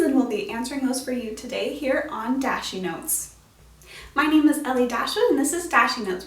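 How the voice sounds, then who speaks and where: A woman with a high-pitched voice hosts an educational literature explainer show, discussing classic books in a bubbly, playful way with casual slang. The upbeat vlog-style talk sounds roomy, recorded from a distance and off-mic.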